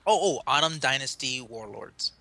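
Podcast co-host, male, bright and forceful, eager rambler who fixes his slips on the fly, dry close mic. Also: mid-range voice, animated, moderate pace, creaky, dry recording. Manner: rambling, self-correcting, enthusiastic. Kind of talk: casual chat about games.

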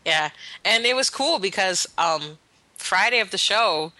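A woman game developer chatting on a podcast, telling excited stories in a bubbly way. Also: medium pitch, measured pace, dry recording, poor audio. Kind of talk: casual podcast chat.

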